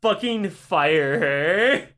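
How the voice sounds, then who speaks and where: A man co-hosting a podcast, telling a rambling, profane, animated anecdote in casual chat. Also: high-pitched, extremely slow. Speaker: podcast co-host. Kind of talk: casual comedic storytelling.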